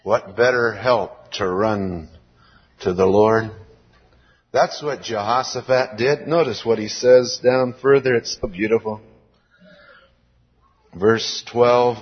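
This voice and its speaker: American man, sermon, slow earnest preaching, husky voice, lo-fi hall recording. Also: mid-range voice. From United States. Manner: slow, earnest preaching, reading scripture aloud. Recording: dull lo-fi recording with long hall reverb.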